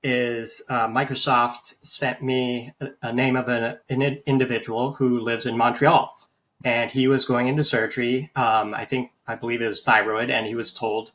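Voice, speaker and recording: Interview guest, male, mid pitch, sincere, halting delivery with fillers. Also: fairly even intonation, a bit bright. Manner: earnest, many fillers and restarts. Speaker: guest, AI voice banking practitioner. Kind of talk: conversational interview storytelling.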